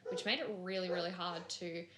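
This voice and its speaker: A woman's voice: on the low side, fairly even intonation, a little fast, reverberant, heavy background noise. A woman chatting casually as a podcast guest, talking freely with many fillers and restarts. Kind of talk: casual chat.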